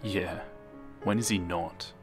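A man's voice: deep voice, steady tone, slow pace, over music. A man voicing a bitter, sarcastic teenage boy in a narrated horror story. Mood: sullen. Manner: sarcastic, sullen.

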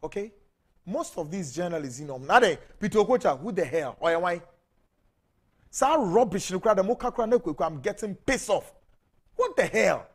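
Ghanaian guy on his talk show going off about politics, high voice swinging all over, mixing twi and english. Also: lively intonation, moderate pace, husky. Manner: fiery, ranting, switching between Twi and English. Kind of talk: impassioned political commentary.

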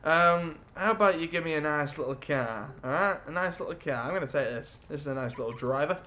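A young man giving excitable, jokey gameplay commentary as a gaming YouTuber. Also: a little high, a little fast. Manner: excitable, jokey, swears and laughs often.

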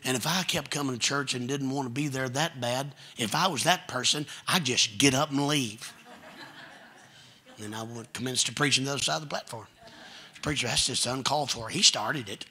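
A middle-aged man with a Kentucky accent, preaching a folksy, joking storytelling sermon that builds to loud preaching. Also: mid-range voice, fairly quick, breathy edge. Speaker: guest preacher.

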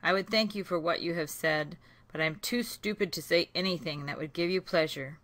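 A woman voicing a gentle, lonely male beast in a storybook read-aloud, speaking earnestly and louder than her narration. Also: fairly low pitch, brisk, lightly acted. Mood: humble.

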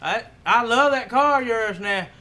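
An actor playing a boastful mechanic shop owner who knows nothing about cars, talking loud and fast in a comedy film scene. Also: male voice, very high-pitched, expressive, exaggerated voice. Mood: blustering. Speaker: comic actor.

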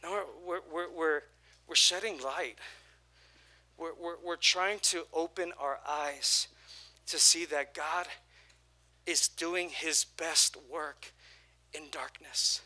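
A man preaching a sermon as pastor, energetic, with repeated phrases and call-and-response, his voice prone to going hoarse. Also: a little high, slow, pauses often.

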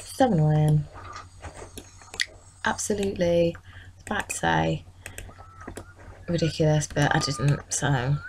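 A woman hosting a casual let's-play, chatting along as she plays and scolding her game characters out loud. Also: sits low, slow, creaky, pauses often, a little hiss or hum. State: tired, yawning. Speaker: gaming channel host.

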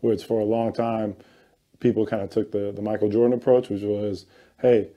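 A man interviewing a musician, speaking in a measured way and offering short agreements. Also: fairly low pitch, little pitch movement, muffled recording. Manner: measured, brief affirmations. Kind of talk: interview talk.

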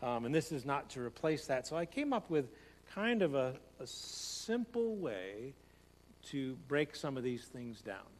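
A man's voice: medium pitch, big pitch swings. Man, pastor, conversational sermon, repeats himself, long church reverb. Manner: conversational, repeats phrases, quick bursts in stories. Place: church sanctuary. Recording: long hall reverb, faint hum.

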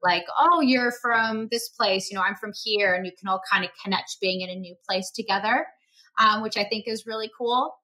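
A woman's voice: mid-range voice, normal speed, pushed and bright, poor audio. A woman hosting a casual interview, chatty and affirming as she asks questions. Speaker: podcast host.

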